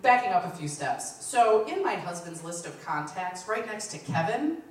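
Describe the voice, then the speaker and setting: A woman's voice: fairly low pitch, very animated, moderate pace. A woman in her thirties performing live stand-up comedy, telling chatty stories and acting out what people said. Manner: chatty storytelling, acting out quotes. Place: lounge stage. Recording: very echoey room, distant mic.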